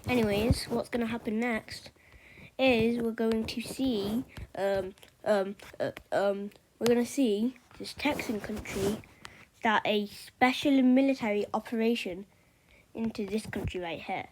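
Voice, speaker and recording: A woman's voice: on the high side, measured pace, a little hiss or hum, poor audio. A woman casually narrating a map scenario, rambling with lots of fillers and offhand remarks. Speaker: map video creator. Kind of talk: casual commentary over a map.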